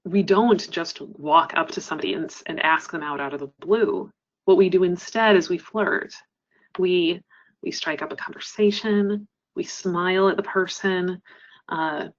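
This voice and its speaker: A woman trainer giving a webinar presentation, explaining earnestly and often pausing with "um". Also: on the low side, dull audio. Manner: earnest, explanatory, frequent ums. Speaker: crisis center trainer.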